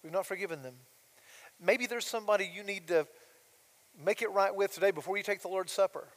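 A man's voice: high voice, a little fast. A middle-aged man, preaching a sermon as a pastor in a conversational way, full of asides and rhetorical questions. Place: church sanctuary. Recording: long hall reverb of a church.

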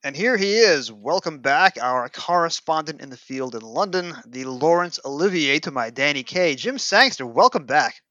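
New York host, bright forceful tone, dry close sound, slightly dull lo-fi audio. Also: male voice, on the high side, expressive, normal speed, hardly any pauses, no room sound. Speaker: podcast host. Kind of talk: podcast chat.

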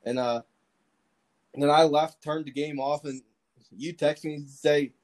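A man's voice: a little high, fairly even intonation, measured pace, long pauses, a little mellow. Wry, laid-back sports podcast man. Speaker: podcast co-host. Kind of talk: casual sports podcast chat.

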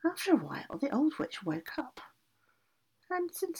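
Lively, husky woman reading a fairy tale. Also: mid-range voice, a little slow. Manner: lively, with casual asides. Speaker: storyteller.

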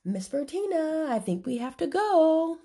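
A woman putting on the voice of a tiny, polite kitchen manager who talks in a slow sing-song. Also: sits high, very animated, warm tone, voice pushed up, heavily acted.

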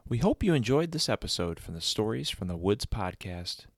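A man's voice: lowish voice, very animated, moderate pace. A man reading a scripted podcast outro in a formal announcing manner. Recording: dry close mic with faint music. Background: soft music.

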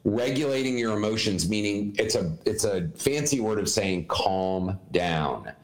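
Earnest low-voiced man in a roomy echo. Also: animated, measured pace. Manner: earnest, explanatory, repeats himself for emphasis. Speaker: podcast co-host, educator. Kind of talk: casual chat giving parenting advice.

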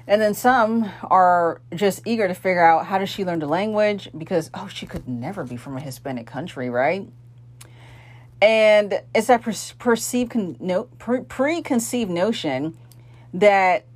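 A young adult woman hosting a podcast, talking casually with lots of fillers and self-corrections as she introduces the episode. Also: on the low side. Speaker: podcast host.

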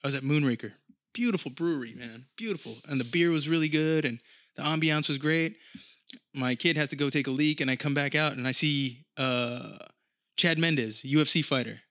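A man's voice: a little high, moderate pace, fairly bright tone, no room sound, clean studio sound. A man in his thirties hosting a casual podcast monologue, rambling and swearing freely as he tells stories. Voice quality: profane, rambling storyteller. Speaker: podcast host.

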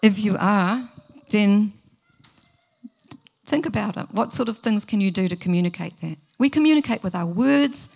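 A woman's voice: medium pitch, normal speed, vocal fry, darkish tone. A middle-aged woman, giving a sermon in an earnest, conversational way and asking the listeners questions. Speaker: preacher.

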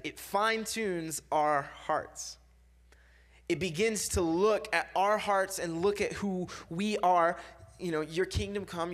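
A young man giving a casual sermon, talking loosely with many fillers and repeats and acting out quoted voices. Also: a little high.

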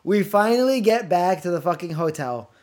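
A man's voice: high-pitched, moderate pace. A man co-hosting a podcast, telling a long, rambling, profanity-laced story in casual chat. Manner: animated, swearing, rambling anecdotes. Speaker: podcast co-host.

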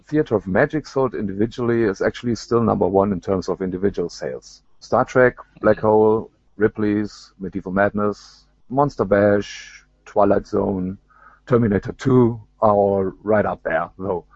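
A low, measured pinball company executive voiced by a man with a put-on American accent, working through fan questions in a businesslike manner. The sound is dry and a little dull. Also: creaky, a little mellow, slightly rough, no room sound. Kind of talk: reading written answers aloud.

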